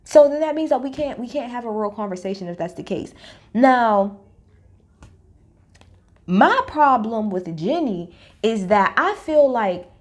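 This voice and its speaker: A woman recapping a reality TV episode in a blunt, profane, animated storytelling style. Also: on the high side, unhurried, pauses often. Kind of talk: casual opinionated recap.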